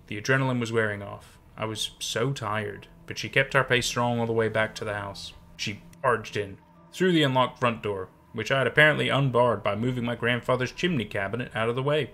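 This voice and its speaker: A man reading a first-person horror story aloud in measured, tense scripted narration. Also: mid-range voice, fairly bright tone.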